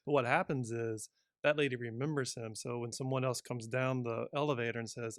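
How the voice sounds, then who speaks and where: Quick talking guy co-hosting a podcast, eager, dry mic. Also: medium pitch, fairly even intonation, no echo. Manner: quick, enthusiastic, full of praise. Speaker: podcast co-host, real estate agent. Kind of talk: casual chat.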